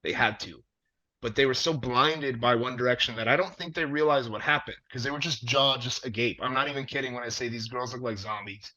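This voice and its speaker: Bright-voiced man telling a wrestling story. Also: medium pitch, brisk, hardly any pauses. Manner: animated, profane storyteller full of fillers. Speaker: wrestler guest. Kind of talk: casual storytelling interview. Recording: dull lo-fi audio.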